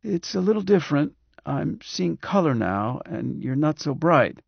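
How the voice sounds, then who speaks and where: A frail cyborg man in a hospital bed, voiced by a male narrator, speaking in a reedy, strained whisper, higher than the reader's own voice. He talks slowly and hesitantly, with a faint resentful edge. The recording is dry and a little dull. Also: sing-song, creaky, slightly rough, no echo, full character voice. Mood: weak.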